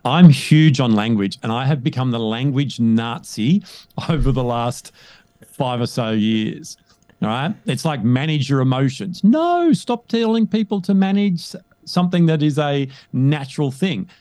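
A man's voice: medium pitch, measured pace, no echo. Emphatic male coach in an interview. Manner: emphatic, animated, often asks "right?". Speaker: guest, leadership coach. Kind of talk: conversational interview.

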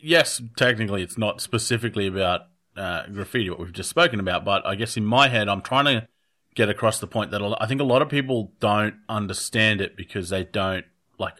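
A man's voice: on the low side, brisk, sharp tone. A man in casual chat, an occupational therapist who explains his points earnestly, restarting sentences as he goes.

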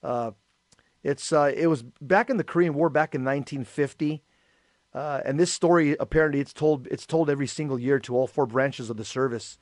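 A man co-hosting a talk show, telling stories in a lively way and acting out the voices of the people in them. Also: medium pitch, brisk, no room sound, clean studio sound. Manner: animated storyteller, acts out quoted voices. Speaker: co-host. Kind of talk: casual radio talk, storytelling.

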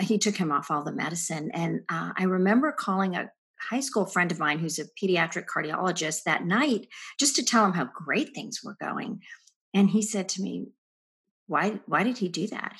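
A woman's voice: lowish voice, breathy edge. A middle-aged woman, a podcast guest, earnestly telling her personal testimony in a reflective way. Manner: reflective, earnest storytelling with soft trailing phrases.

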